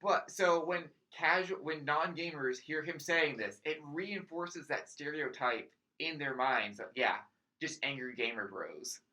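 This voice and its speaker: A man co-hosting a casual gaming podcast, talking in quick animated bursts with restarts. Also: on the high side. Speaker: podcast co-host. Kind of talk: casual chat.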